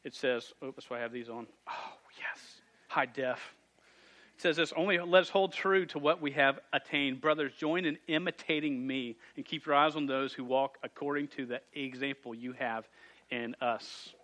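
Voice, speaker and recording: A man's voice: mid-range voice, normal speed, a bit bright. A man, a youth pastor preaching to students and parents in a jokey, self-deprecating storytelling way. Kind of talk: sermon to a youth group and parents. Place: church youth room.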